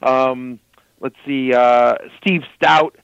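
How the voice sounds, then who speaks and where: A man guest telling a story in casual talk, animated and loose, full of fillers. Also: mid-range voice, very slow, gravelly, clean tone, dry recording, highs cut off.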